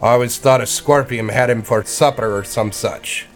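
A man's voice: mid-range voice, fairly even intonation, moderate pace, soft background music, close to an everyday voice. A man voicing a grumpy, impatient male dwarf alchemist in a tabletop game. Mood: irritable. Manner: testy, impatient.

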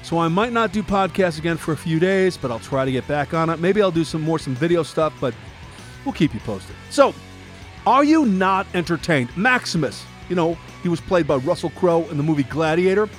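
A middle-aged man hosting a Christian devotional podcast, talking earnestly in a preachy way and building up to shouted rhetorical questions. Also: on the high side, lively intonation, a little fast, faint music behind. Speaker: podcast host.

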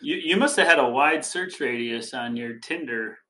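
A man's voice: mid-range voice, moderate pace, pushed and bright. A man co-hosting a running podcast, joking and teasing in casual chat. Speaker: podcast co-host.

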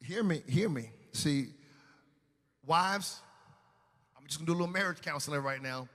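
A man preaching a sermon, telling a personal testimony with emotional storytelling that swings between loud and hushed. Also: fairly high pitch, normal speed, in a large hall.

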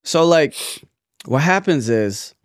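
A man's voice: on the high side, lively intonation, takes it slowly, no echo, clean studio sound. A young man co-hosting a casual podcast chat, talking earnestly in long rambling runs with many restarts. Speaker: podcast co-host.

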